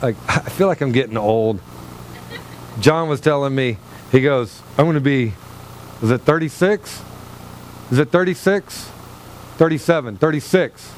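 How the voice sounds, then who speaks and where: A male pastor preaching a sermon from a low stage in a church, animated and joking with the congregation. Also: measured pace, long pauses, slight background noise. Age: older than 37. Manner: animated, humorous, talks straight to the congregation.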